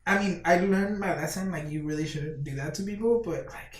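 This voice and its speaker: A man's voice: fairly high pitch, a little fast. A man hosting a podcast, chatting casually and telling self-deprecating stories. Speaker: podcast host. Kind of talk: casual chat. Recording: echoey room, distant mic, faint noise.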